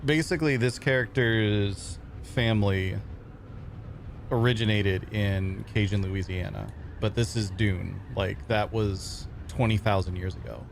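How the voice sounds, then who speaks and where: A relaxed man from Michigan chats with his stream audience in a loose, rambling way, chuckling as he goes. His voice sits on the lower side, with a faint hum of background noise. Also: measured pace, creaky. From Michigan, USA. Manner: rambling, easygoing, chuckles often. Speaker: streamer and role-player. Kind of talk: casual chat with viewers.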